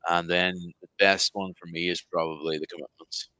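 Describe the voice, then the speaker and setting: A man chatting easily about his favourite films, pausing with ums as he thinks. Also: sits low, level tone, sharp tone. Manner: easygoing, hesitant, many ums and uhs. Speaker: podcast co-host. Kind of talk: casual chat.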